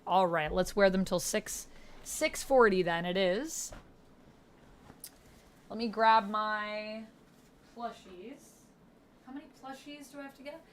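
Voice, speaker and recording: Woman livestreamer chatting w chat, slow easy pace, playful and goofy. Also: mid-range voice. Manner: playful, chatty, counting reps aloud. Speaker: gaming livestreamer. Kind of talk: casual livestream chat with viewers.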